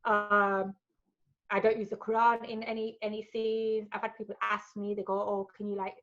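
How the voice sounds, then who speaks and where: A woman's voice: medium pitch, normal speed. A woman in her forties, with family from Gujarat, telling stories bluntly as a guest in a casual interview and acting out what people said. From family from Gujarat, India. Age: 40s. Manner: blunt, animated storyteller, acts out quotes. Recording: dull lo-fi recording.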